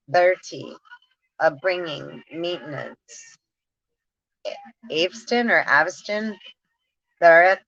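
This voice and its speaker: A woman with a low, bright voice reads through word lists at an unhurried, drawn-out pace, breaking into giggles now and then. The sound is dry and a bit dull, like a simple home recording. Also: vocal fry, no echo. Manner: slow, drawn-out word reading with frequent giggles. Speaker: spiritual channel host. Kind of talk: reading word lists aloud, casual musing.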